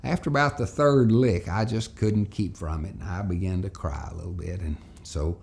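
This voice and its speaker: A man telling a childhood story as a moral lesson for children and parents, in an animated, folksy way. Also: deep voice, moderate pace, vocal fry, a little hiss or hum.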